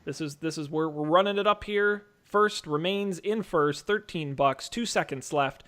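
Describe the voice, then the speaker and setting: Slightly high and fairly bright, his voice carries quick, joking auctioneer patter. He's the host of a casual podcast, calling out bids in a movie draft auction.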